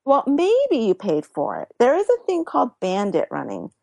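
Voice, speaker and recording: A woman's voice: a little high, wildly swooping pitch, normal speed, creaky, a little mellow, dry recording. Playful woman on a podcast. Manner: playful, listing things off. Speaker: podcast co-host. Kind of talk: casual chat.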